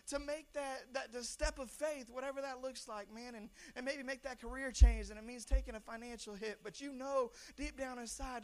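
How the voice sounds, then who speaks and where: A young man preaching a sermon in a church, talking conversationally, stumbling over repeated words and now and then shouting lines for emphasis. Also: extremely high pitch. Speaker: pastor.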